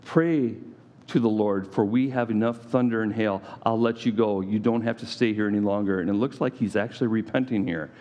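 A man preaching a sermon, animated and playful, acting out scripture with mock voices. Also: on the low side, fairly quick. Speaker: pastor.

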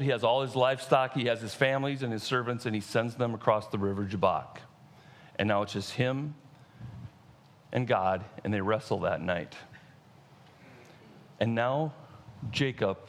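Gravelly-voiced male preacher telling a story. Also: on the low side, slight background noise. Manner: storytelling preacher, varies pace for emphasis. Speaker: pastor. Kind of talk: sermon.

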